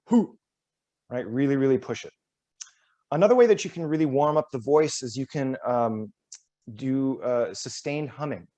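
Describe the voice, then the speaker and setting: A man presenting a workshop, walking through voice warm-up exercises in a relaxed, self-deprecating way and demonstrating each one aloud, likely over a video call. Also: mid-range voice.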